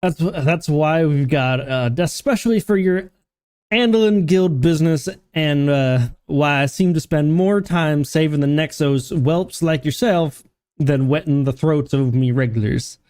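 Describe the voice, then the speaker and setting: A man's voice: on the high side, measured pace, darkish tone, dry recording, studio quality, natural voice. A man voicing a hearty male tavern keeper as he reads game dialogue aloud, stumbling through it in a vague put-on accent. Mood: gruff, friendly.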